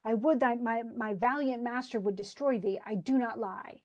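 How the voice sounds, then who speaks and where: A woman's voice: a little high, moderate pace, a little mellow, lo-fi sound. A woman reading as Caliban, a vengeful monster. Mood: scheming. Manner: begging, vengeful old-fashioned verse. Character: bitter, scheming male island monster.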